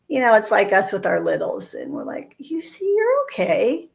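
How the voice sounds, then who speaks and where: A woman's voice: mid-range voice, huge pitch swings, moderate pace, gravelly, few pauses. A woman co-hosting a faith podcast, talking earnestly and acting out quoted voices in casual discussion. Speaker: podcast co-host.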